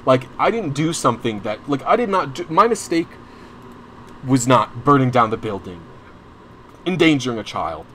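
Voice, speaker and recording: Very animated and moving at a moderate pace, a young man with a medium-pitched, slightly bright voice streams a long personal story over a faint hiss or hum. The casual chat rambles with many restarts and asides, and he sounds openly anxious and frustrated.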